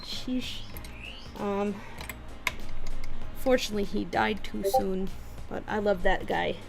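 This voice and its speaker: A woman's voice: mid-range voice, takes it slowly, gravelly, soft background music. A woman from New Hampshire co-hosting a stream, chatting in a rambling way with lots of fillers. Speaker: co-host of an animation stream. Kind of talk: casual chat.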